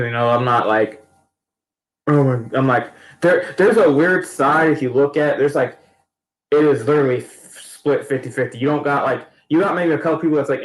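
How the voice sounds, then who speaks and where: Rambling man in an echoey room. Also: mid-range voice. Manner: rambling, slangy, many restarts. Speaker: wrestling fan vlogger. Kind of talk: casual event recap.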